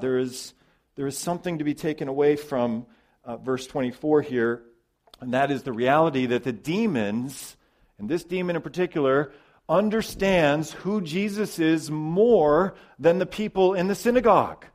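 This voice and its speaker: Emphatic male preacher, fairly high voice. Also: normal speed. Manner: emphatic, swings between loud stresses and quiet drops, repeats words. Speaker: pastor. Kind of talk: sermon.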